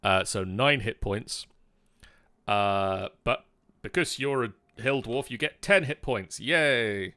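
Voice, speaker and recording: Bright-voiced man running a game. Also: lowish voice, slow, no room sound. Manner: steady, patient rule-reading with fillers. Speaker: game master. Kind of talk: explaining rules during character creation.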